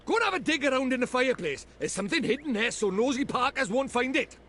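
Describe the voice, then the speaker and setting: An actor playing a small, cheeky, bossy fairy with a Welsh accent in a video game, talking in a brash, teasing way. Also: male voice, very high voice, big pitch swings, fast talker, sharp tone, exaggerated voice.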